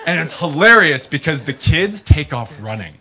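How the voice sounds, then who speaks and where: A man gives a casual, animated talk to an audience, full of fillers and acted-out voices. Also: on the high side, normal speed. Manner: animated storyteller, acts out people in funny voices. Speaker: startup founder giving a talk.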